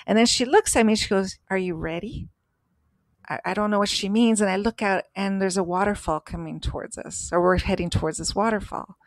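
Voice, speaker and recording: A woman's voice: medium pitch, steady tone, brisk, few pauses, dry recording. A woman co-hosting a podcast, telling a personal story in an earnest, emphatic way. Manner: earnest, emphatic, acts out voices in stories. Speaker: podcast co-host.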